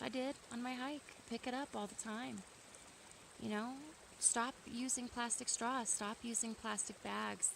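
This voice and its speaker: A woman's voice: a little high, vocal fry, a bit bright, a little hiss or hum. A woman talking freely and earnestly to a camera outdoors in nature, building at times to emphatic bursts. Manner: earnest, free-flowing, rising to emphatic bursts. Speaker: vlogger. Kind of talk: casual spoken reflection to camera.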